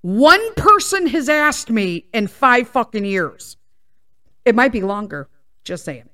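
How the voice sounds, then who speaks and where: A woman's voice: fairly high pitch, big pitch swings, slow, bright, forceful tone. A woman hosting a podcast, telling a story as a heavily profane, exasperated rant. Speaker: podcast host.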